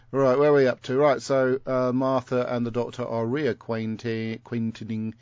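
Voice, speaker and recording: A man's voice: medium pitch, darkish tone, smooth. A man hosting a podcast at home, recapping an episode in a rambling, jokey way with lots of fillers. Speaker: podcast host. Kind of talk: casual chat recapping an episode. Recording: dull lo-fi dry sound.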